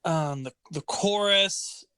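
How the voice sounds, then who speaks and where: A man's voice: high-pitched, takes it slowly, sharp tone, clear, resonant tone, dry recording. A young man co-hosting a music podcast, talking about songs with enthusiasm and frequent restarts. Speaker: podcast co-host. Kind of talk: casual music discussion.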